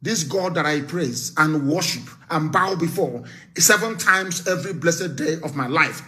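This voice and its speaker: A man with a Nigerian accent giving an impassioned live broadcast address. He sounds fiery and scornful, repeats phrases for emphasis and bursts into shouting. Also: on the high side, measured pace. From southeastern Nigeria. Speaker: activist leader.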